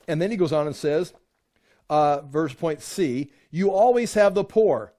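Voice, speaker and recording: A man teaching a Bible study, lively and informal, acting out the quoted speakers as he explains the text. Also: unhurried. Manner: animated, acts out quotes with rising pitch.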